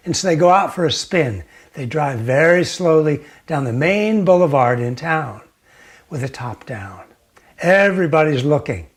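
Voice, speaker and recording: A man giving a gentle teaching talk, telling a story slowly and sometimes dropping to a near whisper. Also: fairly high pitch, slightly rough. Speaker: meditation teacher.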